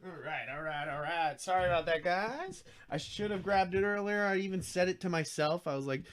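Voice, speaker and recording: A man's voice: sits high, moderate pace, hardly any pauses, fairly bright tone. A tired man hosting a casual livestream, rambling and jokey, swearing freely and slipping into silly accents. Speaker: livestream host building model kits.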